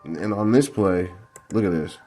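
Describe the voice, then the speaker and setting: A man's voice: low-pitched, moderate pace, mellow, soft background music. A man breaking down football game film in a heated, profane, combative rant. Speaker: football analysis vlogger.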